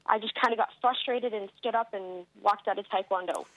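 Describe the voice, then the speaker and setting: A woman's voice: mid-range voice, fairly quick, narrow, tinny audio. A woman calling in to a talk show, telling her story plainly and a little hesitantly. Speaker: caller. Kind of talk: phone-in question.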